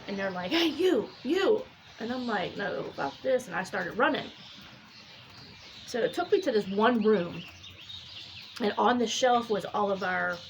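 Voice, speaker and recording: A woman's voice: medium pitch, poor audio. Woman, casual storyteller, rambling delivery with reported speech, faint hiss behind. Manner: rambling, animated, full of fillers and reported speech. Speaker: storyteller recounting a dream.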